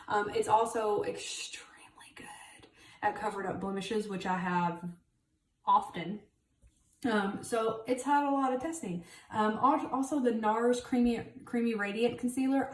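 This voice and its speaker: Chatty woman in a roomy space. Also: medium pitch. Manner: chatty, blunt, swears freely. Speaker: beauty vlogger. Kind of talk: casual makeup tutorial chat. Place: home room with rain outside. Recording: roomy, distant camera audio.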